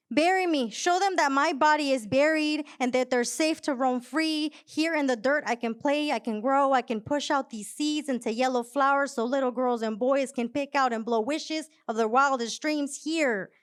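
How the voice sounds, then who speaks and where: A young woman poet performing spoken word live, with soft, hesitant chat before a measured, emphatic recitation. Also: sits high, smooth. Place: live venue.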